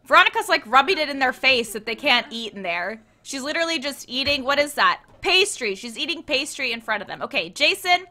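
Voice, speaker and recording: A woman's voice: high-pitched, sing-song, fairly quick, hardly any pauses, pushed and bright. A young woman giving chatty, playful commentary on her gameplay and talking to the characters on screen. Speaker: let's play host.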